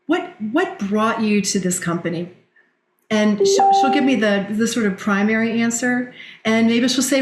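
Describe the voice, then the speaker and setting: A woman's voice: a little high, normal speed, a little hiss or hum. A middle-aged woman, a direct-selling leader, telling stories and coaching advice in a podcast interview, often acting out quoted speech. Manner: animated storyteller, quotes others. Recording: roomy echo.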